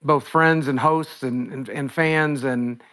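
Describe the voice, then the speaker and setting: A man's voice: mid-range voice, steady tone, slow, a bit bright, dry recording, clean studio sound. A man calling into a livestream, talking in a rambling, blunt, profane way. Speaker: streamer calling in. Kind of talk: casual livestream chat.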